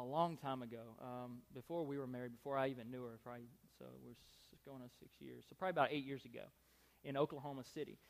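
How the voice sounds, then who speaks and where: A young man preaches in an animated, conversational way, repeating words and restarting his sentences as he goes. His voice is bright and forceful and sits slightly high. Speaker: pastor. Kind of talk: sermon.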